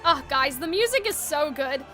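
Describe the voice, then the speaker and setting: A chatty woman streamer with a very high, bright voice, giggling and filling her talk with "like." Soft game music plays behind her as she reacts to a story game. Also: animated, moderate pace. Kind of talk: casual game commentary.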